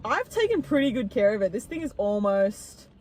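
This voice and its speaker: A woman's voice: a little high, very animated, moderate pace, darkish tone. A young woman co-hosting a podcast in casual chat, reading a fanfic aloud and laughing often as she goes. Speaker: podcast co-host.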